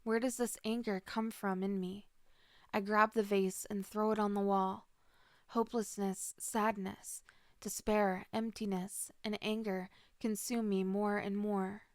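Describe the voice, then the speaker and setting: A woman's voice: medium pitch, flat delivery, measured pace, no room sound. A woman narrating a dramatic first-person story with emotional delivery.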